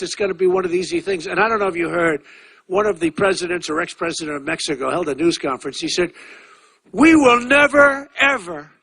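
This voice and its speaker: With no room sound, a US candidate in his sixties delivers a rally speech in a high-pitched, fairly bright, slightly rough voice. He is conversational, boastful and repetitive, breaking off for asides to the crowd.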